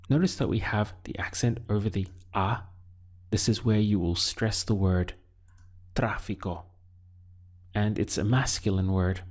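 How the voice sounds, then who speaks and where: A man teaching a Spanish lesson, speaking deliberately and pausing so the learner can answer. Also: on the low side. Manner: slow, deliberate teaching with pauses for learner practice. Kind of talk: video language lesson.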